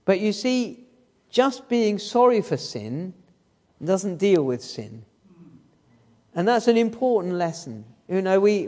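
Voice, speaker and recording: A man's voice: a little high, dark tone. A man preaching a sermon, telling the story and asking the congregation rhetorical questions. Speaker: guest preacher. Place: church hall. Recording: church service recording with long hall reverb.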